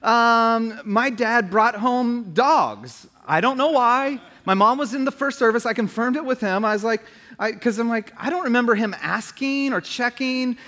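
A man's voice: very high voice, measured pace, pushed and bright, in a large hall. A man in his thirties, a pastor, preaching a sermon full of humorous stories. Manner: humorous storytelling.

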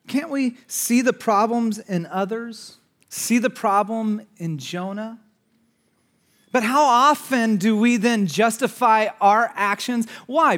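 High-voiced man preaching a sermon. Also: expressive, slow. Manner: swings between urgent raised passages and hushed, quiet asides; conversational, with fillers and restarts. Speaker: pastor.

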